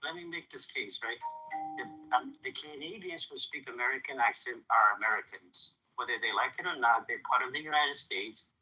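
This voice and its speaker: A man's voice: mid-range voice, normal speed, pushed and bright, low-quality recording. A man hosting a heated group debate, combative and insulting, talking over others. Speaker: stream host.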